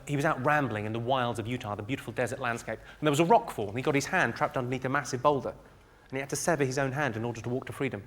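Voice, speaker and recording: A man with a posh southern English accent doing stand-up one-liners in a clipped, deadpan delivery, recorded live at a comedy show. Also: medium pitch. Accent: English, southern received pronunciation. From England, home counties. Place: live comedy venue with audience. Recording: live show recording with loud audience laughter.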